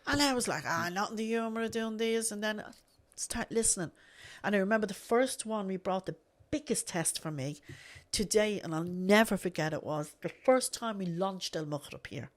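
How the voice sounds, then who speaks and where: A woman's voice: medium pitch, expressive, normal speed. Earnest woman telling her story. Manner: earnest, repeats phrases for emphasis. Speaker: guest. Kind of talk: emotional personal storytelling.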